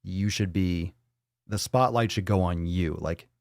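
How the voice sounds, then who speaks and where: A man's voice: sits low, measured pace, darkish tone, no echo, clean studio sound. A man hosting a casual livestream, talking bluntly and rambling, swearing freely as he reads and answers viewer comments. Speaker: livestream host.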